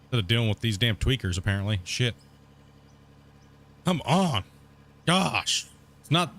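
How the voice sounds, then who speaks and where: Bright-voiced ranting gaming streamer man. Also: mid-range voice, sing-song, unhurried. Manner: heated ranting, swears often. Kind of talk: casual chat with stream viewers.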